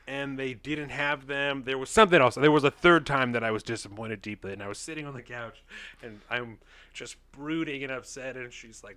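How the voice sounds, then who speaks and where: A young adult man co-hosting a podcast, telling animated stories in casual chat and laughing often. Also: medium pitch, a little fast, smooth. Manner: animated storytelling, laughs often, swears freely. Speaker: podcast co-host.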